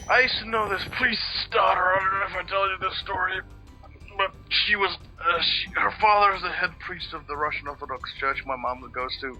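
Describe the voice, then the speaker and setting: A man's voice: high voice, moderate pace, pushed and bright, highs cut off, faint music behind. A man co-hosting a let's play, chatting casually in rambling sentences full of restarts and swearing. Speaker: let's play co-host watching. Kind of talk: casual gaming chat.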